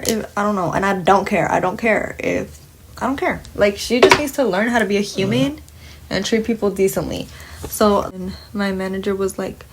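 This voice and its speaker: A young woman speaks briskly at medium pitch while doing her makeup, telling a work story in a casual but indignant way. Her account is blunt and full of swearing, with the dialogue acted out. A little hiss or hum is audible.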